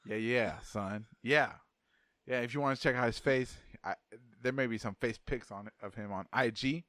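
A man's voice: mid-range voice, normal speed, a bit bright, no room sound, clean studio sound. Laid-back joking man co-hosting a podcast. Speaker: podcast co-host. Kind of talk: casual chat.

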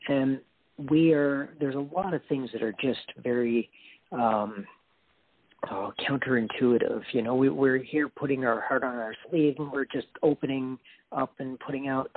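Husky-voiced guest on a tinny call. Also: male voice, mid-range voice, moderate pace. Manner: earnest, rambling with many restarts. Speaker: guest musician. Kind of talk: casual interview chat. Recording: tinny phone-like call audio.

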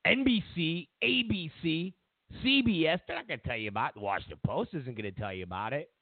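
A talk show host with a fairly high voice rants quickly in a profane, mocking, animated way. The commentary comes through a dry, tinny, phone-like recording with no echo.

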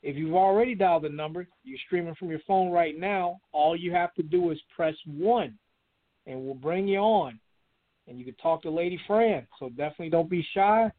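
Easygoing male call-in host, higher voice, tinny phone-line sound. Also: lively intonation. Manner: easygoing, repeats phone numbers slowly. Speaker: show host. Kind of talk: hosting a call-in show.

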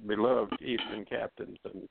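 Rambling older man, gravelly phone voice. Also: lowish voice, fairly even intonation, a little slow, dry recording. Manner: rambling, folksy storytelling. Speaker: retired airline crew member. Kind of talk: casual reminiscing on a call-in show. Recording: tinny phone line.

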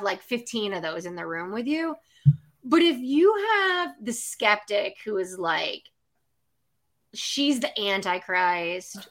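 A woman psychic medium chatting casually with a bright, slightly high voice. She talks in loose, filler-heavy runs and slips into the voices of the people she quotes. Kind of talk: casual chat.

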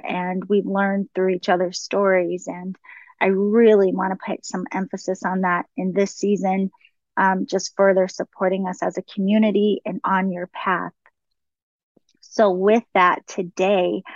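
A woman hosting her own spiritual podcast, speaking gently and earnestly, with frequent pauses and ums. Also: mid-range voice, creaky, dry recording, highs cut off. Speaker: podcast host. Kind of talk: reflective solo podcast talk.

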